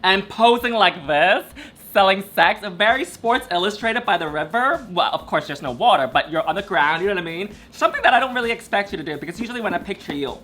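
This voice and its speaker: A man from New hosting a casual chat over a video call, playful and chatty with drawn-out words. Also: sits high, expressive, pushed and bright. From New York. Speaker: host. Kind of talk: casual chat reviewing looks.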